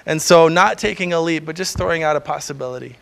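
A man's voice: fairly high pitch, fast talker, gravelly, a bit bright. A middle-aged man preaching a sermon in a conversational way, often chuckling and acting out the voices he quotes.

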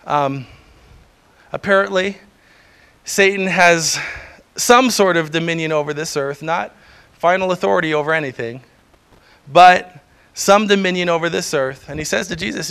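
A man's voice: sits high, creaky, pushed and bright. A middle-aged man preaching a sermon in a conversational way, often chuckling and acting out the voices he quotes.

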